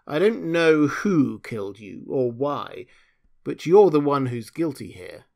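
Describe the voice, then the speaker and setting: A man voicing an angry, intense woman in an audiobook, quiet and almost hissing. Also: mid-range voice, big pitch swings, slow, vocal fry, pitched above the performer's own voice, heavily acted. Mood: scornful. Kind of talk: audiobook dialogue.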